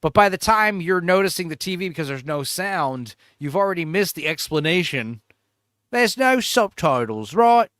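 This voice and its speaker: A man hosting a casual watch-along, joking and laughing with animated, profane banter. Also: sits high, normal speed, clear, resonant tone, no room sound, studio quality. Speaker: stream host.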